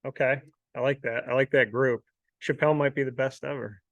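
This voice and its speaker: Chatty male sports host from New York, mid pitch, dry close recording, interview banter. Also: steady tone, brisk, fairly bright tone, no echo, muffled recording. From Syracuse, New York. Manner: chatty, laughs often.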